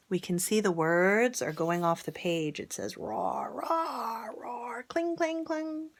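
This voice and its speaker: A woman reading a picture book aloud to children, gently, with whispered asides and questions. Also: lowish voice. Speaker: storybook reader.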